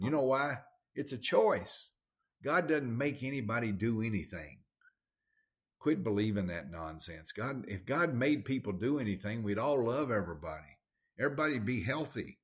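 Southern guy preaching, plain talk, pushes his points hard, lowish voice. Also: expressive, normal speed. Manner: folksy and emphatic, plain everyday grammar. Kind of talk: sermon.

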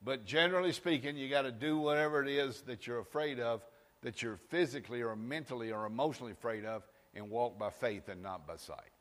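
A man preaching a sermon, firing rhetorical questions and rising to shouts. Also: medium pitch, a little fast, in a large hall. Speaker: pastor. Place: church sanctuary.

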